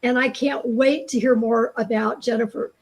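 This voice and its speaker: Bright enthusiastic woman panelist. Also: on the high side, fairly even intonation, moderate pace, slightly rough, poor audio. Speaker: panel speaker. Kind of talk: panel talk.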